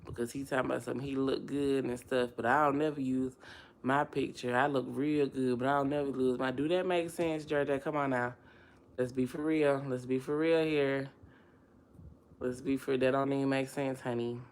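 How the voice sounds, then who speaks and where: Gravelly Southern woman chatting on a livestream. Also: a bass voice, normal speed. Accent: Alabama Southern US. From Alabama, US. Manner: chatty, expressive, Southern slang. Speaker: livestream host. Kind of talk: casual livestream chat, reading comments aloud.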